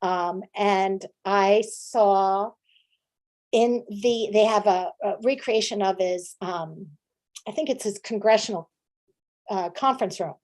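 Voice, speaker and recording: An American woman talks through a presentation about her theater work. She speaks in a relaxed, conversational way, full of ums, uhs and restarts. She sounds like she is on a video call. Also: mid-range voice, slow. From United States. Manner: chatty with frequent fillers and restarts. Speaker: playwright and director giving a talk.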